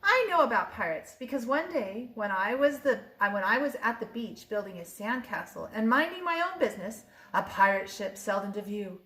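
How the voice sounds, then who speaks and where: An older woman, a grandmother, reading a children's picture book aloud in a lively, expressive way with small slips. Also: a little high, brisk, few pauses. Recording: roomy echo.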